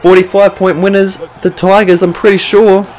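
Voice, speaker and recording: Young aussie bloke doing footy commentary over his game, a bit high-pitched, swears when it gets tense. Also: normal speed, soft background music. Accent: Australian. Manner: mock sports commentator, swears freely when excited. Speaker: gaming channel host. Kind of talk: excitable play-by-play game commentary.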